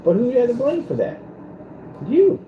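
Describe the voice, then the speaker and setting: An extremely high, sing-song voice, a little fast, comes through a muffled recording with a little hiss or hum. This man hosts a channel's confrontational commentary rant, taunting and repeating himself, with room echo and background music.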